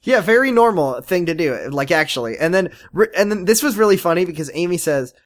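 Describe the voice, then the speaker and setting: Animated joking young man. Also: high-pitched, a little fast. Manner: jokey, animated, breaks into laughter. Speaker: podcast co-host. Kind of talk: casual recap chat.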